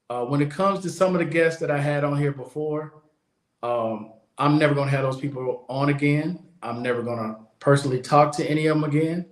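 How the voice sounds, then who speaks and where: A man hosting a podcast, speaking bluntly in a casual monologue and repeating his points for emphasis. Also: a little high. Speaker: podcast host. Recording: echoey room.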